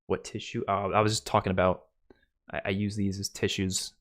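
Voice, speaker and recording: A man's voice: fairly low pitch, level tone, fairly quick, fairly bright tone. A young adult man hosting a livestream, ranting casually and exasperated, with heavy use of "like" and frequent restarts. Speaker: livestream host.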